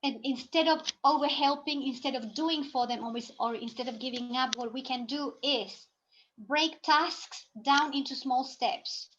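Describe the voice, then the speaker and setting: A woman's voice: sits high, measured pace, a bit bright, highs cut off, slight background noise. A woman teacher trainer giving a live presentation to teachers, chatty and thinking aloud, often saying "it's like" and restarting sentences.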